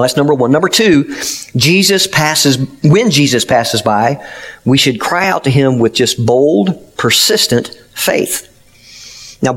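A man pastor preaching a sermon, retelling a story earnestly with emphatic, plain-spoken applications. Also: mid-range voice.

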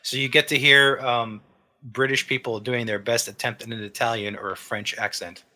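A man's voice: mid-range voice, fairly even intonation, moderate pace, pushed and bright. A man casually explaining a game on a podcast, rambling and restarting his sentences as he goes. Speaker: podcast co-host reviewing a game. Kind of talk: casual chat.

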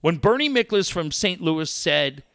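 A man's voice: fairly high pitch, sing-song, unhurried, creaky, a bit bright, no room sound, studio quality. A man hosting a talk show, ranting angrily and swearing constantly. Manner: angry, profane, ranting. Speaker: sports radio host.

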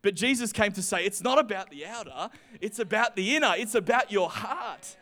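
A man in his twenties preaching a sermon, animated, swinging between quiet stretches and loud emphasis. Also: high-pitched, normal speed. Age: 20s.

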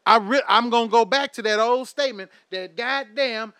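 A man's voice: very high voice, moderate pace, bright, forceful tone, clear, resonant tone, dry recording. A man in his thirties delivering a heated, profane, preachy rant straight to his audience. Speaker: vlogger.

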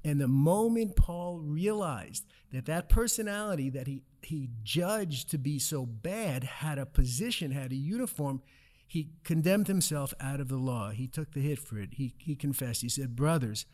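A man's voice: medium pitch, animated, moderate pace, darkish tone. Earnest man explaining scripture. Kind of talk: casual discussion.

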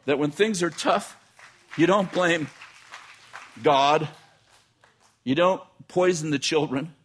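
A man's voice: fairly high pitch, slow, slight background noise. A middle-aged man preaching a storytelling sermon, talking conversationally and often restarting his phrases. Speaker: pastor.

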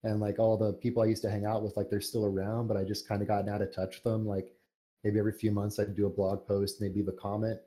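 A young man with a low, mellow voice talks through his story in a loose, rambling way, full of fillers. His pitch stays fairly flat as he chats on a podcast. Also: quick pace. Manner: relaxed, rambling with many fillers. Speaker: podcast guest, fan fiction writer. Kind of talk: casual interview chat.

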